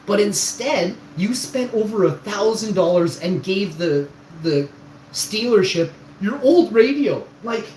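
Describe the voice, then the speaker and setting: A man in his forties delivers an exasperated, scornful rant straight to his viewers, his voice sitting a little high. The room rings with a noticeable echo. A faint hum runs underneath. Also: darkish tone. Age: 40s. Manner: exasperated, scornful, calling someone out. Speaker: streamer. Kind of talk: ranting monologue to viewers.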